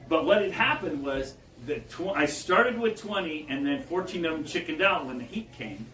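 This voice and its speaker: A man giving a public talk, telling stories in an animated way and chuckling as he goes. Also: a little high, normal speed. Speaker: guest speaker. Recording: echoey room, distant mic, faint background noise.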